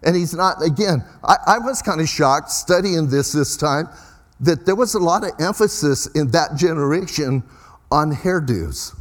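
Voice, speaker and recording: A man's voice: on the high side, animated, normal speed, big-room sound. A middle-aged man preaching a sermon as pastor, in a folksy, conversational way with emphatic rises.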